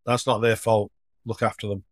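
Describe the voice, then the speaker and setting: A man, a charity foundation chief executive, telling stories in a relaxed interview and playing out children's voices as he goes. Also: on the low side, normal speed, no echo, clean studio sound. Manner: anecdotal, acts out children's voices in his stories.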